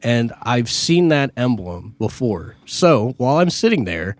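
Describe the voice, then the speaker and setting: A man co-hosting a podcast, telling a story in a casual, animated and self-deprecating way, swearing freely. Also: mid-range voice, a little slow, no room sound. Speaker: podcast co-host.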